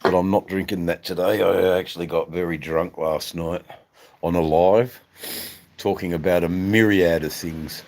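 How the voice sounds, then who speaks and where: A man's voice: sits low, fairly even intonation, normal speed, a little mellow. An Australian man hosting a casual livestream, rambling and swearing as he chats to viewers. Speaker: livestream host.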